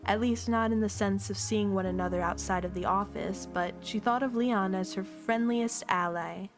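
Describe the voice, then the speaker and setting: A woman reading a novel aloud on a livestream, calm and unhurried with the odd throat clear, her voice a little worn. Her pitch sits in the middle for a woman, and soft music plays faintly underneath. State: slightly losing her voice.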